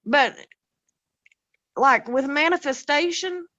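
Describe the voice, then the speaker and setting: A woman co-hosting a casual podcast chat, animated and laughing often, with restarts as she thinks aloud. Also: high voice, slow, dry recording, highs cut off. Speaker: podcast co-host.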